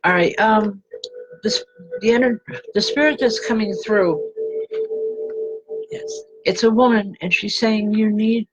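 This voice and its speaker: A woman reverend giving live spirit readings to viewers, speaking gently and haltingly and calling people by name. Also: medium pitch, dull audio, soft background music.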